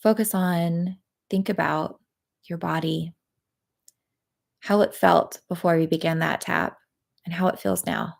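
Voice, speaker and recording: A woman leading a live guided tapping session, talking in a gentle, encouraging way with many pauses and fillers. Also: lowish voice, steady tone, creaky. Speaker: EFT tapping practitioner.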